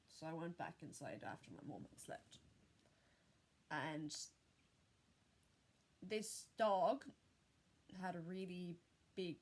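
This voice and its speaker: A young woman telling a personal story in an unedited vlog, candid and full of swearing, with halting restarts. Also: on the low side, a little mellow, slight background noise. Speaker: vlogger.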